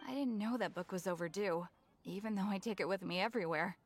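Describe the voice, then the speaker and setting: This is video game character dialogue: a woman plays a chatty, eager young shopkeeper who is bubbly and keen to sell, over game music. Her mid-range voice is quick and only lightly acted.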